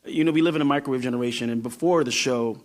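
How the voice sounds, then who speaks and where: A man's voice: mid-range voice, rapid-fire. A man from New York, a guest musician on a podcast, talking reflectively and often trailing off while he searches for words. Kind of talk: casual podcast conversation.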